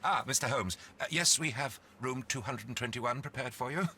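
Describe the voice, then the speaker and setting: An actor playing a courteous, formal hotel receptionist in a video game. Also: male voice, medium pitch, normal speed, pushed and bright, a little hiss or hum. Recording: game audio with faint ambience.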